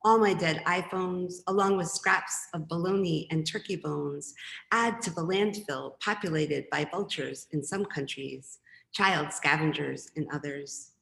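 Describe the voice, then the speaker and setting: A woman's voice: deep voice, a little slow, vocal fry, a bit bright. Roomy-sounding woman poet reading aloud. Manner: chatty, rambling asides with laughs. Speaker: poet and professor. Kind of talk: poetry reading with casual asides.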